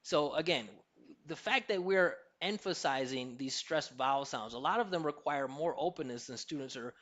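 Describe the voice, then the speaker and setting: A man's voice: a little high, normal speed, fairly bright tone. A man with an American accent, an accent coach answering interview questions in an emphatic, teacherly way and demonstrating pronunciations.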